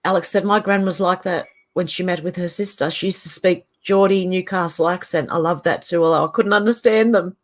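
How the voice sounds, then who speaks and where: A woman's voice: lowish voice, steady tone, a little fast, few pauses. A middle-aged Australian woman hosting a casual livestream, reading viewer comments aloud in a chatty, opinionated way. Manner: chatty and opinionated, laughs often. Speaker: channel host.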